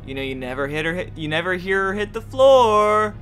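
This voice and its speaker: A young man doing rambling, joking commentary while playing a video game, often yelling at it. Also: high-pitched, very animated, fairly quick, faint music behind. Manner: goofy, rambling, yells and jokes at the game. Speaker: gaming YouTuber. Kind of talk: let's play commentary.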